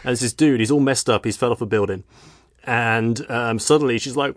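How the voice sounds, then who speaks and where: A man's voice: mid-range voice, fairly quick, dry recording. A man with a half-British accent co-hosting a podcast, joking in a dry, wry way. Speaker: podcast co-host reviewing a TV series. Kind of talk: casual chat.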